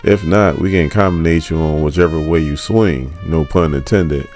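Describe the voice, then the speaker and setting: A man's voice: rumbling low, normal speed, a little mellow, soft background music. A man reading a brash grey brute mobster. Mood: swaggering.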